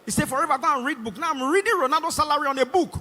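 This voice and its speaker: A young man with a Nigerian English accent performing a stand-up comedy routine on a concert stage, animated and acting out voices. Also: very high voice, very fast. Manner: animated, acts out voices and shouts. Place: large concert hall stage. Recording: live concert hall reverb.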